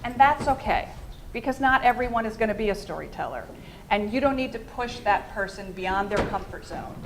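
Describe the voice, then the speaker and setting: A woman's voice: fairly high pitch, expressive, fairly quick, noisy background. A middle-aged American woman giving a conference presentation, engaging her audience with questions as she speaks. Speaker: fundraising communications consultant. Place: presentation room.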